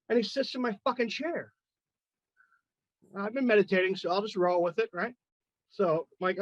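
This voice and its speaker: A man's voice: high-pitched, normal speed, pauses often, no room sound, muffled recording. A man in his fifties hosting a chat and then doing a loose, profane stand-up set. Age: 50s. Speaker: podcast host and amateur stand-up comic.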